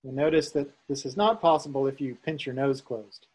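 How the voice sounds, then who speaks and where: A man teaching a Sanskrit lesson, calmly explaining sounds and chanting tones for students to repeat. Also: medium pitch, fairly quick, slightly rough, rough recording. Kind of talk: slow guided chanting lesson.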